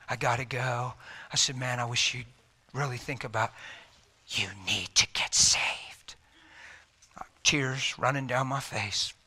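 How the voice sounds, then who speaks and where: A man's voice: mid-range voice, sharp tone. A man preaching a sermon, telling a story in a folksy, emphatic way and talking straight. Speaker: traveling preacher.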